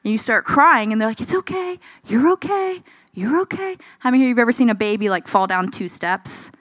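A woman preaching a sermon in a conversational, expressive way, asking the congregation questions and acting out the voices she quotes. She sounds a little tired. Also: mid-range voice, no echo.

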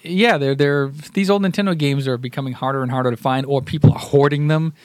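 A man's voice: mid-range voice, fast talker, clear, resonant tone, dry recording, studio quality. A man co-hosting a casual podcast chat, blunt and rambling, swearing offhandedly. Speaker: podcast co-host.

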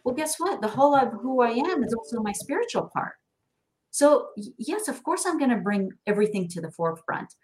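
A woman's voice: a little high, big pitch swings, brisk, slight background noise. A middle-aged woman, a financial planner and guest on a talk show, speaking expressively, laughing often and acting out quoted dialogue. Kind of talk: animated conversational interview.

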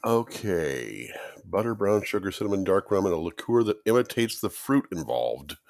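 Very deep-voiced man thinking aloud. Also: big pitch swings, normal speed, vocal fry, a little mellow, no echo, studio quality. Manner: thinks aloud, musing over his answer. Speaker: trivia contestant.

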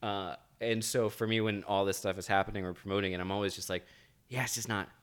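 A man's voice: low-pitched, level tone, quick pace, smooth. A man co-hosting a podcast, chatting casually in a rambling, joking way and often restarting his sentences. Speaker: podcast co-host. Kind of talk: casual chat.

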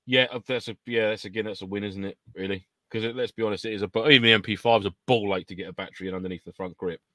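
A man's voice: lowish voice, fairly even intonation, racing, bright, forceful tone, dry recording. A man co-hosting a casual live stream, chatty and jokey, with frequent laughter. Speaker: co-host of a live airsoft stream. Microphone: in-ear monitor or earpiece.

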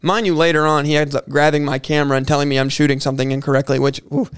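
A young man talks quickly in a smooth, clear voice, eagerly repeating himself as he tells a personal story. His voice sits a little high for a man. The recording is dry and close. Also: level tone, dry recording. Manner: earnest, repeats and restarts words often. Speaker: guest. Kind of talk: casual storytelling interview.

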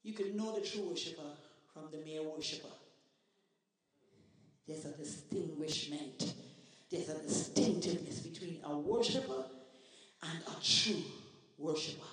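A high-pitched man with a Trinidadian accent preaches a passionate sermon, calling on the congregation to respond. His voice rings through a big, echoing church hall with a long reverb tail, and he sounds far from the microphone. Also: animated, a little slow, pauses often, a bit bright. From Trinidad and Tobago. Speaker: guest preacher.

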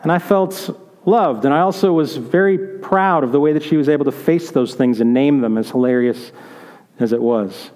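High-voiced pastor preaching in an echoey hall. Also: male voice, moderate pace, darkish tone. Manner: conversational, storytelling, asks questions. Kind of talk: sermon. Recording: reverberant hall.

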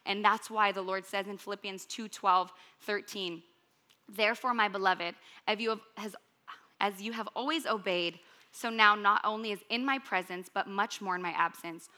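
A young woman preaching to her congregation in a bright, clear voice. She keeps her delivery earnest and conversational, leaning hard on her key points. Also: mid-range voice, fairly even intonation, normal speed. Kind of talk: sermon.

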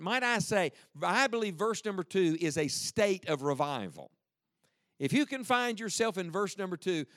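A man preaching a sermon, folksy and emphatic, moving between storytelling and forceful exhortation. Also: a little high, no echo, clean studio sound.

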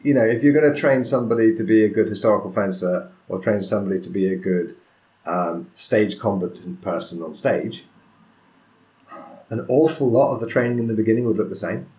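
A man's voice: fairly low pitch, a little fast, darkish tone. A man hosting a podcast interview, talking in a thoughtful, rambling way and checking in with "right?". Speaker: podcast host. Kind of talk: casual interview chat.

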